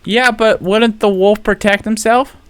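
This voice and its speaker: Give me a man asking playful questions, slow-paced with a smooth, clear voice. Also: sits high, steady tone, a bit bright. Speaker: gamer and listener. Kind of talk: casual chat on a game stream.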